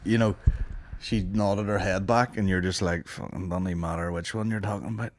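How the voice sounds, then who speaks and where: A Northern Irish man co-hosting a comedy podcast, teasing his co-host in quick banter. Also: low-pitched, steady tone, a little hiss or hum. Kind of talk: comic banter.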